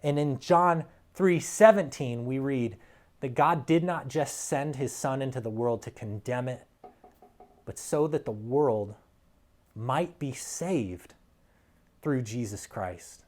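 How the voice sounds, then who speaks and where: A man preaches from the pulpit in a voice of middle pitch. He talks earnestly and with emphasis, easing into soft, near-quiet lines and then building back to strong peaks. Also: expressive, takes it slowly. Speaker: pastor. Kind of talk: sermon.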